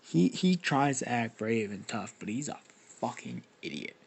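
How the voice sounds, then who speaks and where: A man's voice: medium pitch, very animated, a little slow, vocal fry, slightly rough. A young man casually improvising a fan story, rambling and swearing with lots of restarts.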